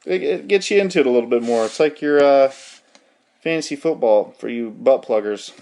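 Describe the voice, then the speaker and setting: A man's voice: medium pitch, animated, brisk, mellow. A young man hosting a podcast, rattling off hockey scores in a profane, rambling, mock-outraged casual rundown. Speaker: podcast host.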